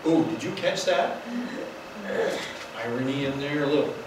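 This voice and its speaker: A man teaching a Bible class in an animated, wry, conversational way. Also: mid-range voice, moderate pace. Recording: echoey room from far off, noisy.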